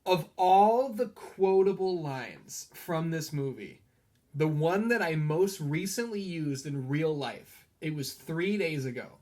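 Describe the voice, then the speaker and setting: A man co-hosting a casual movie review podcast, telling stories with animated energy and laughing often. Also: on the high side, slow pace. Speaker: podcast co-host.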